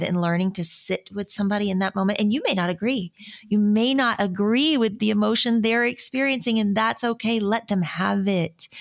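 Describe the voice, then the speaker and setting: A woman in casual podcast chat, talking in a reflective, earnest way. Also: mid-range voice. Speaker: podcast guest.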